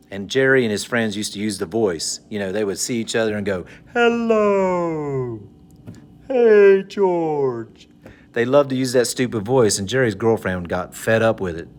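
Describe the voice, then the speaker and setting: A man teaching a recorded civics lesson in a conversational, joking way, repeating key terms so students can take notes. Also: fairly low pitch. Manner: conversational, jokey, repeats points for note-taking.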